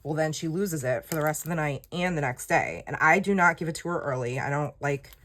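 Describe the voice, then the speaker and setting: A woman's voice: sits low, animated, a little fast, a bit bright. A woman, telling a personal story in casual chat while journaling, candid and rambling, acting out quoted dialogue. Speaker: journaling creator.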